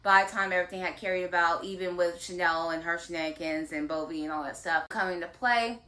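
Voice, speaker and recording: A woman's voice: on the low side, quick pace. A woman in casual chat, recapping a TV series and acting out the characters' lines. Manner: animated retelling with acted-out quotes. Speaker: drama recap co-host.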